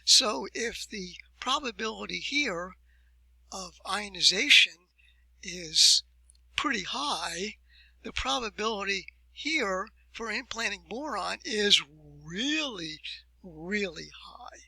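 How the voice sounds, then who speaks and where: Bright, husky-voiced man lecturing. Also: high voice, lively intonation, dry recording, rough recording. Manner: deliberate, emphatic explanations with rhetorical questions. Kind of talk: recorded university lecture.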